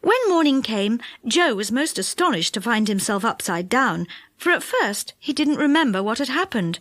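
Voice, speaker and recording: A woman narrating a children's storybook audiobook with lively, expressive delivery. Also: on the high side, moderate pace, no room sound. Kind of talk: storybook reading. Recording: dry close studio sound.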